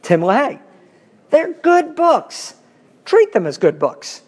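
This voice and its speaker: A man in his fifties teaching a Bible class in a conversational lecture style, animated and chatty with asides to his students. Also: slow pace. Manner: animated, pitch swinging up when emphatic.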